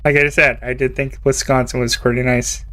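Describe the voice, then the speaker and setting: A man's voice: medium pitch, flat delivery, normal speed, pushed and bright. A young man from Canada chatting casually and rambling while he streams a game, laughing often. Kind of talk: casual chat while gaming.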